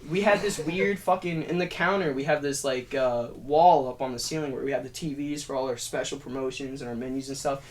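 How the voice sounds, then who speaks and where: A young man chatting as a podcast guest, telling stories in an animated, profane way. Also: mid-range voice, fairly quick, hardly any pauses. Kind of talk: casual chat.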